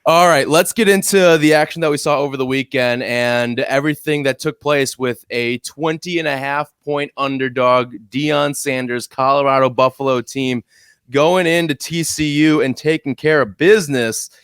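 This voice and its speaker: A man's voice: mid-range voice, normal speed, fairly bright tone, clean tone, no room sound, clean studio sound. A man co-hosting a college football podcast, talking casually and teasing his co-host. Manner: upbeat, teasing banter. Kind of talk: casual sports chat.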